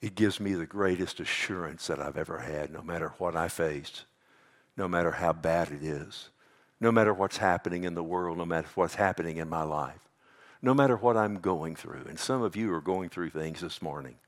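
Dynamic preaching man, soft to booming. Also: moderate pace. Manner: dynamic preaching, swings from hushed to loud emphatic. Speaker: pastor. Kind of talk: sermon.

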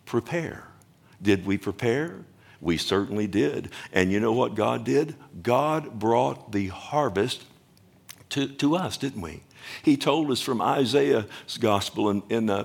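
A man's voice: mid-range voice, vocal fry, slightly rough. A man, a pastor, preaching a sermon and asking his congregation rhetorical questions.

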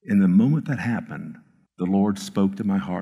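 A male pastor tells a personal story in a sermon, earnest and emphatic, often halting and restarting. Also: sits low, dark tone, husky. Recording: long reverb of a large hall.

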